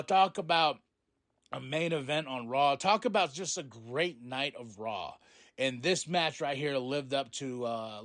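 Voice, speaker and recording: Guy on a podcast hyped up going over last night's wrestling, kinda high voice, dry close mic. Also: no echo. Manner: excited, loose, swears and paraphrases wrestlers. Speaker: podcast host. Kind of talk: casual wrestling show recap.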